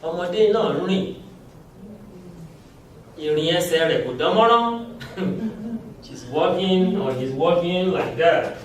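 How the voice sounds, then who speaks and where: A man teaches a language class, in a fairly high voice and at a slow, patient pace. He chuckles often as he explains. His voice rings through a very echoey classroom and is picked up from a distance, with faint noise behind. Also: expressive. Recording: very echoey room, mic far off.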